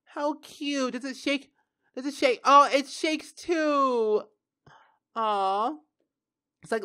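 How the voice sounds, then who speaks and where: A young woman casually commenting on her own gameplay, chatty and quick to react. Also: high-pitched, sharp tone. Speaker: gaming YouTuber. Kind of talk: casual let's-play commentary.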